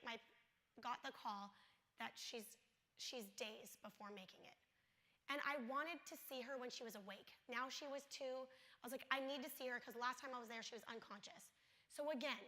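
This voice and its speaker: A woman in her thirties tells a personal story to an audience. Her voice sits high and bright. She speaks candidly, lively in the retelling and quiet and soft in the tender parts. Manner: candid, swings from animated to hushed and soft.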